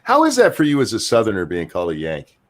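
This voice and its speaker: Lively, low-voiced man who teases and laughs. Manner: teasing, quick to laugh. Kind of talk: casual chat.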